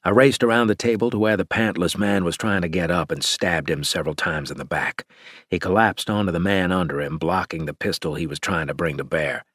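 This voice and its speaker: A man narrating a first-person story in a grim, measured audiobook reading. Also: sits low, a bit bright, slightly rough, dry recording, studio quality.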